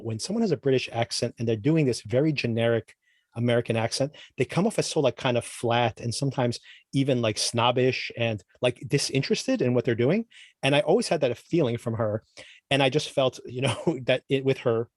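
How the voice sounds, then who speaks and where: Fast-talking opinionated man. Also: mid-range voice, no room sound, clean studio sound. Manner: rambling, opinionated, restarts mid-phrase. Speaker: podcast co-host. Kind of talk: casual chat.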